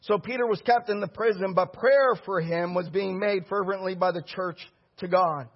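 A high-pitched, husky middle-aged man preaching a sermon. He drives his points with call-and-response and rising shouts. The recording is dull and lo-fi. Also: normal speed. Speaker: pastor.

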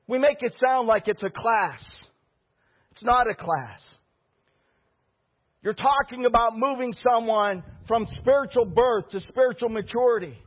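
A man preaching a sermon as pastor, impassioned, swinging between loud declarations and hushed asides. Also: very high-pitched, measured pace, husky, muffled recording.

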